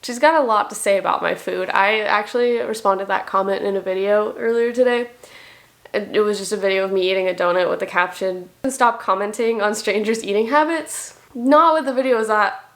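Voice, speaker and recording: A woman's voice: mid-range voice, brisk. Dry, wry young woman vlogger. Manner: dry, wry and self-mocking. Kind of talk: casual commentary reading comments.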